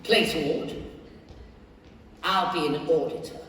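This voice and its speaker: A man's voice: slow, slight background noise. A man on a theatre stage playing a mischievous, boastful male fairy sprite in a theatrical manner. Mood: scornful. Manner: theatrical, swinging between low menace and shouts. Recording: echoey theatre hall from far off.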